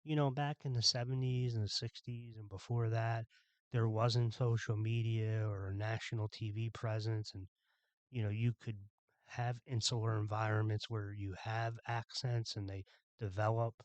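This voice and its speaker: Low-voiced, irritated ranting man. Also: level tone, normal speed, dry recording. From Philadelphia. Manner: irritated, blunt and profane. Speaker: podcast host. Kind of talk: ranting monologue.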